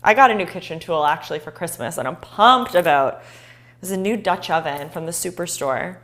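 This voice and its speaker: A woman's voice: fairly low pitch, brisk, fairly bright tone. A woman hosting a live cooking show, chatting and encouraging viewers as she chops.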